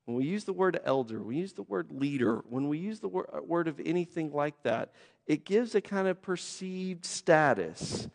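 A man's voice: a little high, expressive, moderate pace, gravelly, long reverb tail. A man preaching a sermon as pastor, conversational, with voiced asides and quotes.

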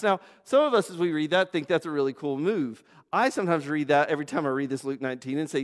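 A man's voice: a little high, animated, a little fast. A man preaching a sermon as a pastor, emphatic and repetitive, piling up phrases and asking the congregation rhetorical questions. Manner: conversational asides and rhetorical questions. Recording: long reverb of a large hall.

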